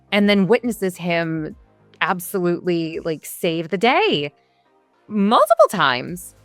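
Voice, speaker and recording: Smooth-voiced woman, thoughtful and halting. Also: on the low side, no room sound. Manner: thoughtful, hesitant with many restarts and fillers. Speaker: voice actor guest. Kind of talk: casual interview answers.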